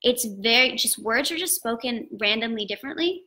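A woman's voice: fairly high pitch, animated, brisk, pushed and bright, poor audio. A woman guest on a live-stream conversation, speaking earnestly and thinking aloud over a video call.

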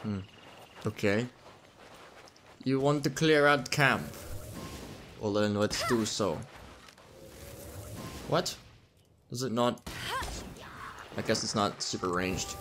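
A man's voice: on the low side, slow pace, pauses often, background noise. A man giving casual, joking commentary while playing a story game, reacting and laughing along.

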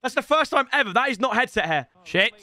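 A young man streaming a football video game, chatting to the lads in cheeky banter and breaking into loud outbursts. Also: very high-pitched, lively intonation, quick pace, dry recording. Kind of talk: gaming stream commentary. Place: home room with builders' noise outside. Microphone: headset.

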